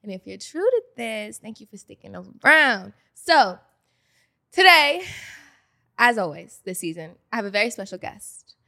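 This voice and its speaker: A woman's voice: fairly high pitch, very animated, normal speed, creaky, bright, forceful tone. A young woman hosting a casual podcast chat, bubbly and gushing, talking chattily with lots of "like". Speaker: podcast host.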